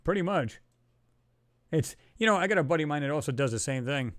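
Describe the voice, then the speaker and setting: A man hosting a casual livestream, talking excitably about photos and reading out viewers' comments. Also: fairly high pitch, brisk, no room sound, studio quality. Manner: excitable, talks to chat viewers, reads their comments aloud. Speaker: livestream host.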